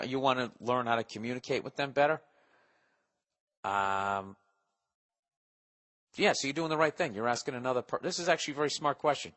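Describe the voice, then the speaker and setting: The room sounds large around this podcaster, a man in his forties from Boston whose fairly high voice has a sharp tone. He works through listener mail in a crude, sarcastic, funny ramble.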